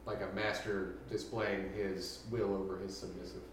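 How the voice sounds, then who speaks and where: A man's voice: low-pitched, little pitch movement, far from the mic. Man running a tabletop game in an echoey room. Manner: measured, descriptive narration. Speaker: game master. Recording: echoey room with background noise.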